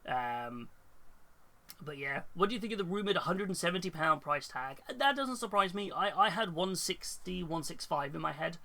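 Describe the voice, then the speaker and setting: A man's voice: sits high, lively intonation, moderate pace, sharp tone. Congested man chatting casually. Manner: rambling, thinks aloud with many fillers and restarts, reads chat. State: congested with a cold. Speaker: hobby streamer. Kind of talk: casual live-stream chat.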